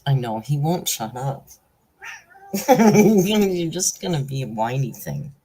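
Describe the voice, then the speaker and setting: Very deep-voiced husky woman streamer. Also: sing-song, slow pace, dark tone, poor audio. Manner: chatty and laughs often, coos to her pet. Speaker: livestream host. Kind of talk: casual live-stream chat. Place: at home.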